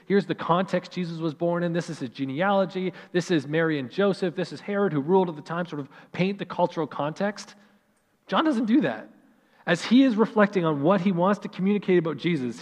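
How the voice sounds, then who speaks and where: A man in his thirties, a pastor, preaching a sermon with animated delivery and slow, dramatic emphasis on scripture. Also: a little high. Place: church sanctuary. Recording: long hall reverb.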